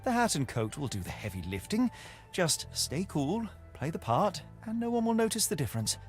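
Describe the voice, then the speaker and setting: A brilliant video game detective, assured and brisk. He gives his orders with great confidence, and his pitch leaps high and low. His voice sits a little on the high side. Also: sing-song, darkish tone, soft background music. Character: Sherlock Holmes, brilliant confident male detective.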